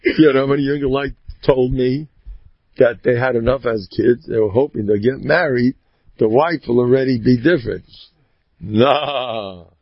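A man's voice: moderate pace, no room sound, muffled recording. A man giving a folksy religious storytelling talk, mixing in Yiddish and Hebrew words and acting out the people in his stories. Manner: animated, acts out voices with big pitch jumps.

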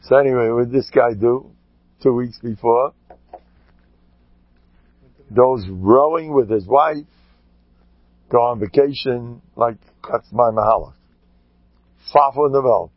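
A man, a rabbi, giving a lively storytelling Torah talk, acting out quotes and sprinkling in Yiddish and Hebrew words. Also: mid-range voice, measured pace, long pauses, no room sound. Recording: dull lo-fi recording.

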